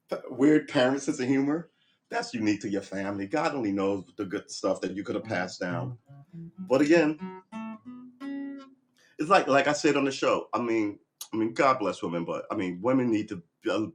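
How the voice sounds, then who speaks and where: A man hosting a livestream, talking through his opinions in a rambling, blunt way with frequent restarts and swearing. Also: lowish voice. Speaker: livestream host. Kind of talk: casual opinion monologue.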